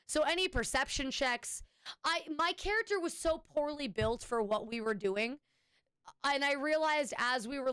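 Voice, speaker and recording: A woman's voice: a little high, fairly bright tone, clean tone, no echo. A woman streamer chatting casually with her viewers, rambling and swearing now and then. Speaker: Twitch streamer.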